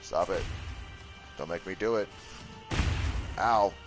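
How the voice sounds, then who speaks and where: Male let's-play host, low voice, profane and self-mocking, faint game music under him. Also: takes it slowly, poor audio. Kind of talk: casual gaming commentary.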